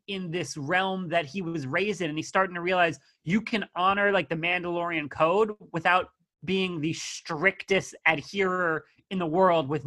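A man chatting on a review podcast with a high, bright voice. He is blunt and sarcastic and quick to call out weak writing. His voice has a crisp, forward edge. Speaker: podcast co-host reviewing a TV episode. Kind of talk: casual chat.

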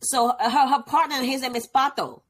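Female podcast co-host, bright high voice, animated and quick to laugh. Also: slight background noise. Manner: playful, animated, laughs easily. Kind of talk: casual chat.

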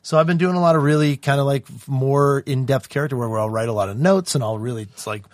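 A man in his forties chats as a podcast guest, talking fast and animated. He slips into other voices when he quotes people. The sound is close and dry, with no room around it. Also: mid-range voice, no room sound. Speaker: guest actor. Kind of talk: casual podcast chat.

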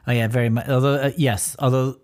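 A man's voice: medium pitch, little pitch movement, darkish tone. Man retelling a comic page by page. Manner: retells panels, reading out lines in quick voices. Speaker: podcast co-host. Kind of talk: casual chat about a comic.

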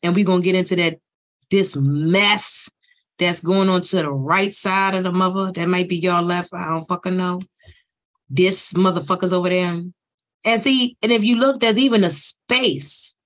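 A woman hosts a podcast, talking through reality-show clips in casual, profane commentary. She is blunt and opinionated. Her voice climbs higher and louder whenever she starts ranting. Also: moderate pace. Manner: blunt, profane, rising loud and high when ranting.

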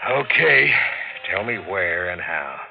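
A man's voice: low-pitched, very animated, takes it slowly, gravelly, full character voice. An actor playing a blunt, matter-of-fact male hired killer in a 1940s-style radio drama. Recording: tinny old radio broadcast with music.

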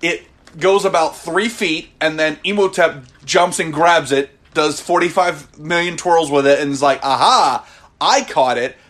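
Brief: male podcast co-host, slightly high voice, dry wry recap. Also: steady tone, normal speed, fairly bright tone. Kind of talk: casual movie recap chat.

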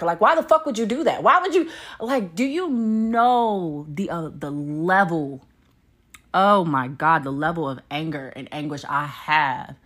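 Profane, animated woman ranting on a podcast. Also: fairly low pitch. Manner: blunt, profane, animated, laughs often. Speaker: podcast host. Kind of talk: casual solo podcast rant.

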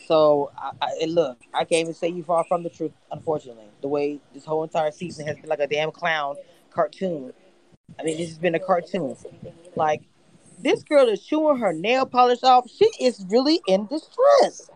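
A woman hosting a live chat about a reality show, blunt, profane and quick to laugh. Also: low-pitched, a little mellow, rough recording. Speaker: show commentary host.

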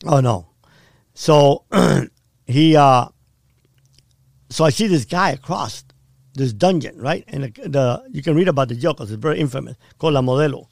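A man's voice: mid-range voice, animated, normal speed, vocal fry, long pauses, dry recording, clean studio sound. A middle-aged man telling a harrowing personal story in blunt, vivid casual talk, often checking in with "right?". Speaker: podcast guest.

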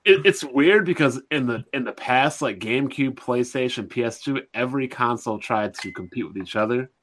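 A man's voice: mid-range voice, brisk, a bit bright. A man in a casual gaming chat, blunt and opinionated. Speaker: podcast co-host.

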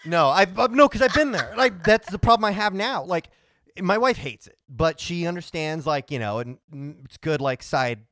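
A man's voice: high voice, lively intonation, moderate pace, fairly bright tone, dry recording, studio quality. A man co-hosting a podcast, telling an anecdote in a laid-back way and acting out the quotes. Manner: laid-back storyteller who acts out quotes. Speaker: podcast co-host. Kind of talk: casual chat.

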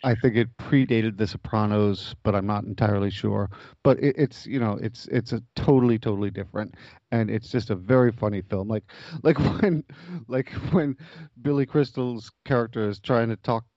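A man's voice: on the low side, normal speed, warm tone, dry recording, dull audio. A man chatting casually and telling stories, rambling with frequent restarts. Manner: rambling, lots of restarts, laughs at own jokes. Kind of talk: casual chat, storytelling.

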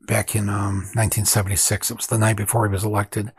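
An older man from Michigan hosting a podcast, talking in a casual, wry and animated monologue, chuckling at his own points. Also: on the low side, fast, breathy edge, dry recording. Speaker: podcast host.

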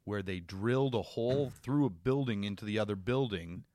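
A man's voice: lowish voice, moderate pace, a little mellow, dry recording, clean studio sound. A man co-hosting a podcast in casual chat, eager but hesitant with many fillers. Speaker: podcast co-host.

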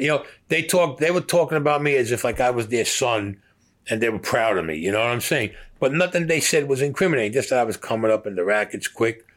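A man's voice: mid-range voice, fairly bright tone. A man in his sixties telling his own story in a heated, profane way, acting out what others said. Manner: profane, heated, acts out quotes. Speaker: interviewee recounting his past. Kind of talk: casual storytelling.

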